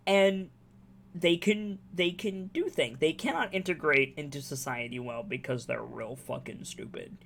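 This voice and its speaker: A man's voice: a little high, fairly bright tone. A man streaming live, talking casually and enthusiastically about a game, rambling and swearing freely. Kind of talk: casual chat.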